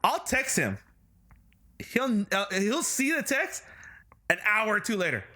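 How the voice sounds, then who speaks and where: Lively bright-voiced young man, laughing. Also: high-pitched, measured pace. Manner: loud, laughing, animated storyteller. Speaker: podcast co-host. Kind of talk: casual chat.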